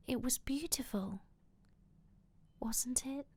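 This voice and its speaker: A woman voicing a mysterious, fragile young woman in a soft whispered role-play. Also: high voice, slow pace, pitched above the performer's own voice. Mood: soothing.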